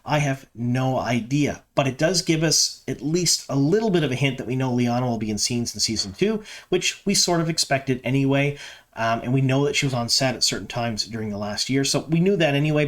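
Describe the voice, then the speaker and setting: Male fan-channel host, mid-pitched, chatty and opinionated, filler-heavy casual commentary. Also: lively intonation, a little fast. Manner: chatty, opinionated, many ums and uhs. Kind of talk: casual solo commentary to camera.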